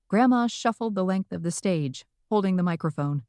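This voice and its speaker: A woman reading a cozy mystery audiobook in the first person, with lively, wry storytelling on a close studio mic. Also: mid-range voice, moderate pace, clear, resonant tone, no room sound. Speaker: audiobook narrator.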